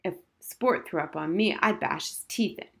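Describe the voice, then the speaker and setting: A woman reading aloud brings to life a blunt, curious eleven-year-old girl from a storybook. She fires off questions in a slightly raised, exasperated way over a naturally lowish voice. She is cheeky and impatient. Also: normal speed, creaky.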